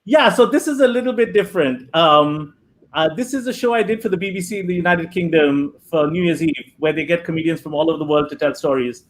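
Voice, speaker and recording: A man's voice: fairly high pitch, fast. A man from India, a comedian and screenwriter, chatting casually as an interview guest and telling rambling anecdotes. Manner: rambling anecdotes with frequent restarts.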